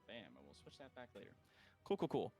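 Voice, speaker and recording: A man's voice: medium pitch, big pitch swings, fast talker, mellow, faint music behind. A man running a tabletop game as game master, narrating casually and playfully, laughing often and using lots of fillers.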